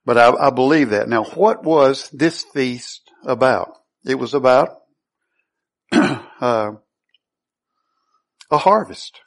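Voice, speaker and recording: A man's voice: mid-range voice, lively intonation, takes it slowly, gravelly, pauses often. Man preaching with rhetorical questions. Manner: asks the congregation rhetorical questions and answers them; reads scripture aloud, then comments on it. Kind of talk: sermon, Bible teaching.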